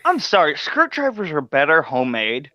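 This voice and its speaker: A playful man chatting as a podcast guest, laughing between his lines. His voice swings lively up and down with a bright, forward edge. It comes through a dull, dry home microphone. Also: fairly high pitch, normal speed. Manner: giggly, playful, laughs often. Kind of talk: casual chat.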